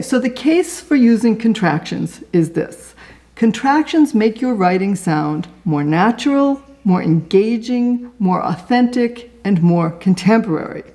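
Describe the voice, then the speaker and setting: A woman's voice: mid-range voice, dark tone. A woman teaching writing in a casual instructional talk, chatting conversationally and asking the listener rhetorical questions.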